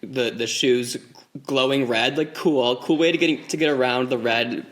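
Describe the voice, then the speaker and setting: A man's voice: mid-range voice, unhurried, a bit bright. A man hosting a casual review chat, upbeat, putting questions to the panel.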